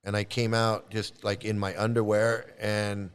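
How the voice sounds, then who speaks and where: A man casually telling a personal story, halting often and repeating his phrases as he restarts. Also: on the low side, level tone, clear, resonant tone. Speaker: vlogger recounting past experiences.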